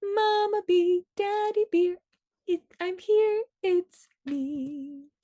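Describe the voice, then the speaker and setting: A woman voicing a small, frightened baby bee girl who calls out in high, thin cries in a storybook. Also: expressive, slow pace, warm tone, dull audio, heavily acted. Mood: relieved.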